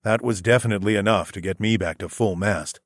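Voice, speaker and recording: Male first-person audiobook narrator, lowish steady voice, dry booth sound. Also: fast, slightly rough, no echo.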